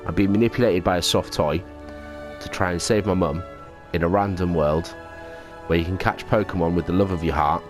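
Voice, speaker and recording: A man's voice: deep voice, steady tone, a little fast. A man doing casual, sarcastic commentary over a video game he is playing, swearing freely. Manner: sweary, sarcastic, jokey asides. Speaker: let's play gamer. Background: game music.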